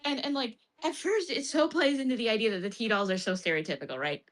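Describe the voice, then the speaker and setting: A woman's voice: on the high side, fast. A woman streamer chatting casually about a game, laughing often and acting out the characters' lines in bursts.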